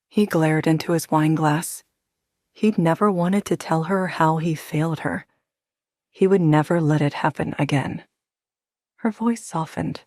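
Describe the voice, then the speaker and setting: A woman with a notably low voice reads a romance story in a measured, even way. The sound is very close and dry, with no room echo at all. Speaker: audiobook narrator. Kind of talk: scripted narration.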